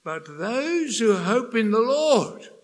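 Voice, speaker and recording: An older man preaching a sermon in a church, swinging between hushed passages and loud, passionate emphasis. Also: very high voice, big pitch swings, slow pace.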